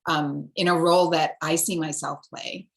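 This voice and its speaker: A woman from Singapore, an actor, telling stories in a lively, casual interview. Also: deep voice, moderate pace, vocal fry. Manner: animated storyteller, switches accents.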